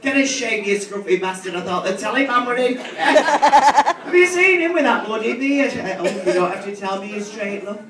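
A man's voice: very high voice, lively intonation, normal speed. A man with a Manchester accent performing live drag stand-up, crude and teasing toward the crowd in a big bar. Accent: Mancunian. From Manchester, England. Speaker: drag queen comedian. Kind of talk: live stand-up with audience banter. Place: large bar venue with a live audience. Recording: echoey, distant live room recording with crowd noise.

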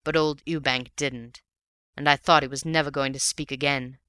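A man narrating a story aloud in a measured storytelling manner. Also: mid-range voice, steady tone, pushed and bright, clear, resonant tone, dry recording, clean studio sound. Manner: measured storytelling, addressing a friend. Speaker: audiobook reader.

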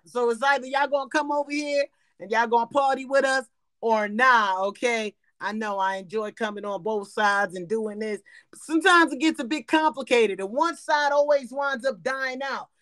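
A brash woman runs a live room on a social app and speaks right to the people listening. She talks loud and blunt and swears freely. Her voice sits mid-high and sounds close and dry. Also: no echo. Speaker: host of a live app show. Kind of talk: casual live-stream hosting.

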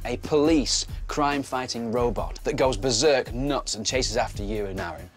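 A man presenting a kids' TV show in an excitable, jokey, self-mocking way. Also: mid-range voice, moderate pace, music in the background.

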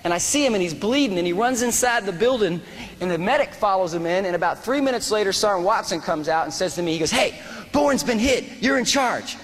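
Animated man telling a war story. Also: high voice, quick pace, long reverb tail. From United States. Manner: animated, acts out dialogue. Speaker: guest speaker, former soldier. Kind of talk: storytelling speech. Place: large hall at a fundraiser.

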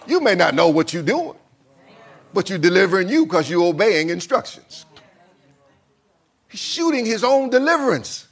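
A man's voice: on the high side, big pitch swings, normal speed, pauses often, husky. A man preaching a sermon as pastor, acting out a king's confused voice and talking back and forth with his congregation.

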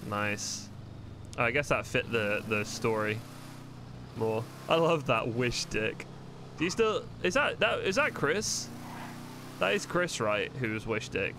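A man's voice: mid-range voice, expressive, slow pace, background noise. A man streaming a roleplay game live from home, chatting to viewers in a loose, rambling way, swearing freely and thinking aloud as he plays.

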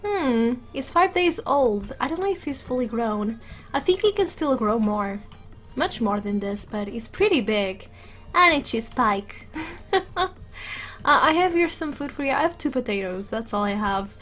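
A woman giving casual let's play commentary, giggly and excitable, chatting fondly to her game pets while a little sick. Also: a little high, a little slow, soft background music.

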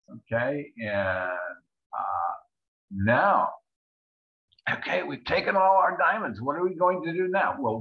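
A man's voice: mid-range voice, narrow, tinny audio. A man teaching a card-game lesson as he walks through a hand on screen, chatting and acting out what the players think. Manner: chatty, acts out players' thoughts in little voices. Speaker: bridge teacher. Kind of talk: screen-share lesson walkthrough.

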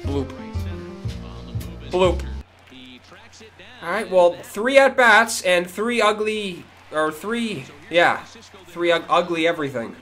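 Male gamer host, slightly high voice, runs live play-by-play of his own game, curses freely, mutters then yelps, clear game music underneath. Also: unhurried. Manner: excitable, swearing, swings from mutters to yelps. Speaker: gaming video host. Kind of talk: live gameplay commentary.

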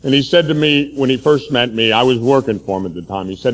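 A man, a Catholic priest, preaching a sermon forcefully, telling stories from his own life. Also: mid-range voice, expressive, fast, hardly any pauses, long reverb tail.

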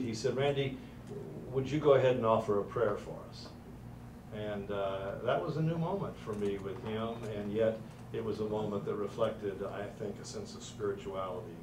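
A man's voice: mid-range voice, a little mellow, slight background noise. A middle-aged man giving a ceremonial speech as host, telling a story with many "uh" fillers. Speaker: university president hosting a ceremony. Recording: roomy, distant from the mic.

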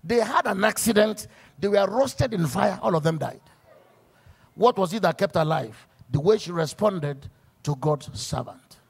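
A man's voice: sits high, animated, moderate pace, vocal fry, breathy edge. A man, a pastor preaching a sermon to church workers in a church, emphatic as he weaves stories and scripture quotes.

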